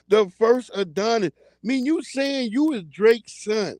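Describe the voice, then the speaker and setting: Man, livestream host, casual comedic riffing, animated, acts out shouted quotes, high voice, dry close sound. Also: measured pace, no room sound. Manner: animated, laughing, acting out yelled quotes.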